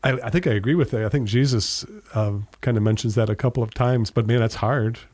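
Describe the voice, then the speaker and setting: Middle-aged male co-host, mid-pitched voice, easygoing, close and dry. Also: fairly quick, darkish tone, dry recording. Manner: easygoing, laughs often. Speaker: podcast co-host. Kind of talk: casual chat.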